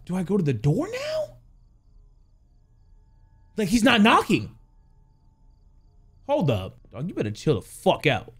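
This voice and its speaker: A young man playing a horror game, jumpy and swearing as he talks to his chat. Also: a little high. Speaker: gaming youtuber. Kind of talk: horror game let's play commentary.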